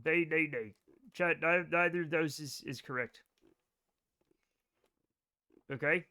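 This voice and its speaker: High, bright-voiced joking male streamer. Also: slow, smooth. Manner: joking, profane, rambling talk to chat. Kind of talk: live gameplay stream chatter.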